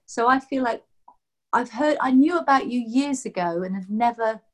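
A woman's voice: on the high side, moderate pace. Chatty woman telling a story. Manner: lively, rambling, acts out quotes in voices. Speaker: massage therapist and guest. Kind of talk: casual storytelling chat. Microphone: video call.

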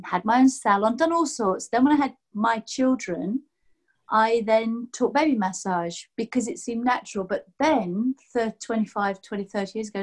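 A woman in her sixties, a massage therapist, telling a rambling story on a video call and acting out what people said. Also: mid-range voice. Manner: lively, rambling, acts out quotes in voices. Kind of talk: casual storytelling chat.

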